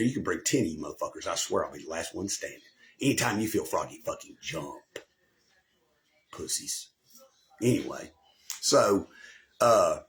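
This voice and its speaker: A man, telling a rambling, profane personal story as a channel host, boasting and swearing constantly and often losing his thread. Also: mid-range voice. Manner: swaggering, boastful, swears constantly, loses the thread and repeats himself.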